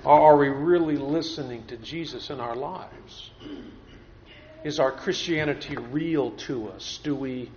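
A man's voice: medium pitch, slight background noise. A man preaching a sermon to a congregation, earnest, repeating words as he builds his points. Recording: echoey room, dull lo-fi sound.

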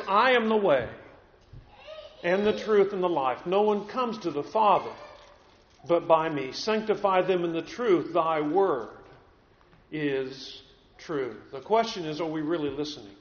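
Casting: earnest preacher, man, slightly high voice, roomy church sound on a dull lo-fi recording. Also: measured pace, slight background noise. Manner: earnest, repeats words as he builds points. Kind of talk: sermon. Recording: echoey room, dull lo-fi sound.

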